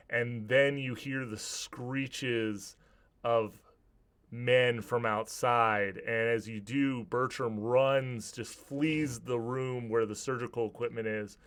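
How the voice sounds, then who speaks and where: A man's voice: medium pitch, a bit bright. Man narrating as a game master. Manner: vivid descriptive narration with restarts.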